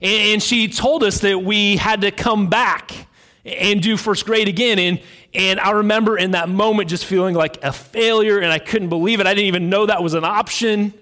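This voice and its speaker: Brief: male pastor, high voice, casual storytelling sermon, long hall reverb. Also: steady tone, normal speed, bright, forceful tone. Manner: conversational storytelling with fillers.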